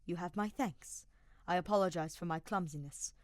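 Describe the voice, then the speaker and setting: A dour, formal young man, as a woman reader puts him on in a story recording. His speech is stiff and low-key. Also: normal speed, no echo, studio quality, close to an everyday voice.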